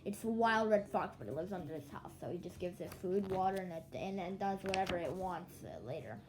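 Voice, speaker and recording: A young female vlogger with a lowish, expressive voice tells a rambling story from home at a brisk clip, though she sounds sleepy and yawns. She stumbles, restarts often, and acts out conversations by quoting what others said, over a faint hum of room noise.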